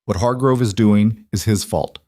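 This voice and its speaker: A quietly protective cowboy rancher, voiced by a man reading a story. He talks plainly and firmly, in a low, measured voice. The recording is dry and close. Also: no room sound, lightly acted. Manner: measured, firm, plain-spoken.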